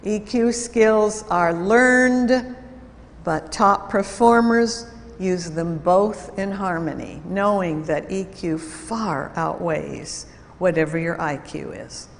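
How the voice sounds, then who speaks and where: Slow, measured woman speaker in reverberant hall. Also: on the low side, creaky, a little hiss or hum. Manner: measured, deliberate, instructive. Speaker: speaker at a church program. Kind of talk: lecture-style talk with anecdotes. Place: church.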